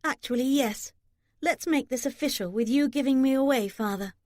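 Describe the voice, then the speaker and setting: A spirited young bride, as a woman puts her on, teasing and brisk in a lifted voice. Dry close recording. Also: a little high, expressive, no room sound, natural voice. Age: young adult. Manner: bright, teasing.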